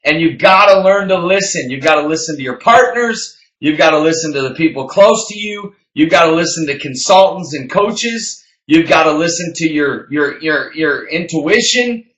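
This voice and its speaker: A man's voice: a little high, animated, normal speed, few pauses, fairly bright tone, roomy sound, poor audio. A man co-hosting a business talk show, emphatic and preachy, repeating phrases for effect. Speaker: podcast co-host.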